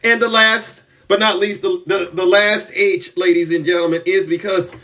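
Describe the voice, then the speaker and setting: Boastful, high-voiced male live streamer. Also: steady tone, moderate pace, far from the mic. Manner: boastful, theatrical, rising to shouts. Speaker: political commentary streamer. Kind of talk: live-stream political commentary.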